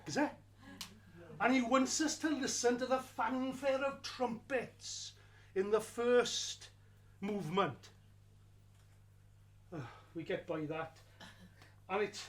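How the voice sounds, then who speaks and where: Slow, wry storyteller man. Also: very high-pitched. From Wales. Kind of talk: first-person storytelling performance.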